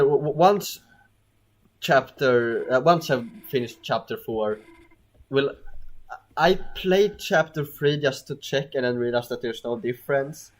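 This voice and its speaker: Man commentating his own gameplay, halting, restarts sentences constantly, mid pitch. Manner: rambling, hesitant, stammers and restarts often. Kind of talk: casual let's-play commentary.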